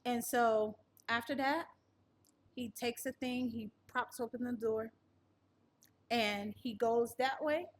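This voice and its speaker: Female interview guest with a fairly high voice and faint noise behind; earnest, vivid storyteller. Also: slow. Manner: earnest storytelling that acts out others' words. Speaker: guest sharing a survival testimony. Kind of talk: personal testimony interview.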